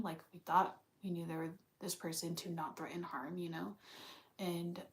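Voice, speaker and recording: Young adult woman, lower register, rambling conversational vlogger who swears casually. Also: level tone, moderate pace. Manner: rambling, heavy use of "like", swears, sighs. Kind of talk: casual storytelling vlog.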